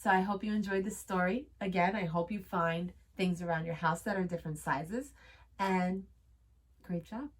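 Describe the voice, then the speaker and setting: A woman teacher reading a storybook aloud to children, expressive, gasping and pausing. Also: on the low side. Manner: expressive, with gasps and pauses. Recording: voice from a distance.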